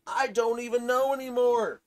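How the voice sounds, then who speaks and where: A woman giving casual gameplay commentary, rambling from low mumbles to excited shrieks and talking to the game's items. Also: normal speed. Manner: talks to game items, swears casually. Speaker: gaming channel host.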